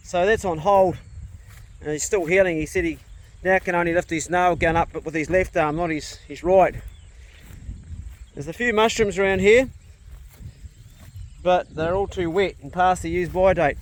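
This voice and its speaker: A New Zealand man with a slightly higher voice, chatting casually through a farm vlog. He talks to the camera and now and then to his animals, out of doors with crickets and animal sounds behind him. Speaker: vlogger. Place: outdoors on a rural farm.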